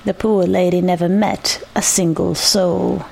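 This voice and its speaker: Slow, gravelly woman reading a story. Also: on the low side, steady tone, a little mellow. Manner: measured, reflective storytelling. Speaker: narrator. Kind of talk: reading a short story aloud.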